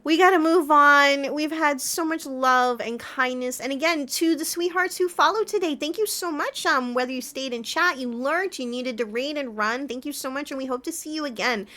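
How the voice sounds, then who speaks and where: A young adult woman streamer chats casually as she closes out a gaming stream, drifting from topic to topic with plenty of giggles. Her voice sits high and sounds bright and clear. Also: moderate pace, few pauses. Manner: rambling, chatty, giggly. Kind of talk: casual stream wrap-up chat.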